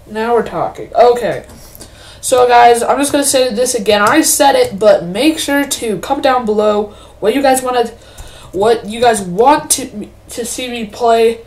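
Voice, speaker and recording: A woman's voice: a little high, darkish tone. A young woman giving casual commentary while she plays a game, chatting to herself and breaking into mock-grumpy outbursts. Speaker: gaming channel host.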